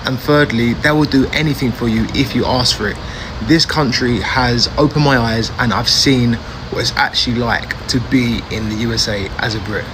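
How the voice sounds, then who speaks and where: A man's voice: mid-range voice, moderate pace, noisy background. A man with a London accent, effusively praising a country he is visiting in a casual vlog, repeating himself. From England. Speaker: visiting tourist.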